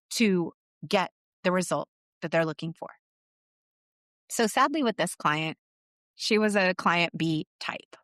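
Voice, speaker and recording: A woman's voice: on the low side, a bit bright, no room sound, studio quality. A woman business coach telling a story in a solo podcast monologue, earnest and reflective, often acting out quoted lines.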